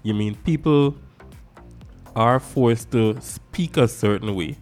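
A man in a casual discussion, animated and speeding up in bursts. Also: mid-range voice, takes it slowly, faint music behind.

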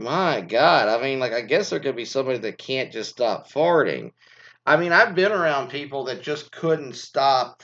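A man's voice: mid-range voice, a bit bright, lo-fi sound. A man ranting casually in a commentary show, profane and rambling, telling exasperated stories. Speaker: commentary host.

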